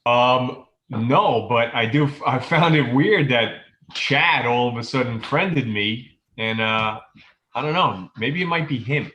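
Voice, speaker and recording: A man's voice: mid-range voice, slow pace, pushed and bright. A man calling in to a podcast, talking hesitantly. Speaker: caller. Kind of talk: casual chat. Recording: roomy, muffled call-in audio.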